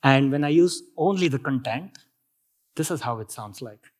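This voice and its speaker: A man's voice: mid-range voice, animated, normal speed, a little hiss or hum. A man with an Indian accent giving a technical conference talk, explaining step by step with frequent fillers and restarts. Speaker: conference speaker.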